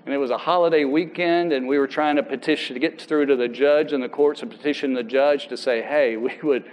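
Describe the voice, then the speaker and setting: A man preaching to his church in a loose, talky way, stopping and restarting his phrases as he tells a story. His pitch sits in an ordinary middle range. A faint hum of noise runs under the recording. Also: fairly even intonation, low-quality recording. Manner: conversational, halting restarts, quotes people aloud. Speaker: pastor. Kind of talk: sermon with personal story.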